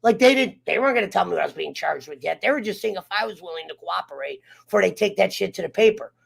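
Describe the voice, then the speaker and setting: A man's voice: high-pitched, lively intonation, quick pace, gravelly, a bit bright, husky. A man telling a personal story in casual chat, heated and profane, getting fired up as he talks. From United States. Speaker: round table guest.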